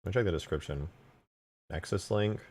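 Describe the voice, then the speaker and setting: Chatty low-voiced male streamer. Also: a little fast, noisy background. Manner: excitable, chatty, talks while eating. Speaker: livestreamer reacting to game mod videos. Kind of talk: casual live-stream chat.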